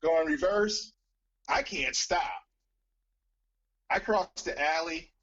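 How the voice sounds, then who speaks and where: A man casually telling a story on a live stream, profane and animated, acting out the voices of other people. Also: on the high side, takes it slowly, muffled recording.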